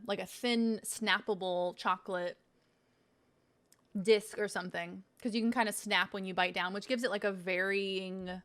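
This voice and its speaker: A woman's voice: mid-range voice, a bit bright. A woman streamer chatting casually while she tastes snacks on a live stream, self-mocking and swearing freely.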